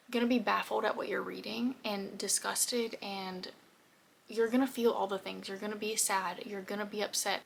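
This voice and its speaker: A woman's voice: mid-range voice, gravelly, pushed and bright, a little hiss or hum. A young woman talking through her reading in a casual vlog, emotional and often dropping to a whisper. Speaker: book vlogger.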